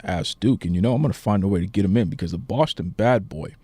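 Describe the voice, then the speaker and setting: A man's voice: low-pitched, fast, warm tone, slightly rough, no echo. A man hosting a podcast in a casual, teasing banter with his co-host. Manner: teasing, mock-indignant.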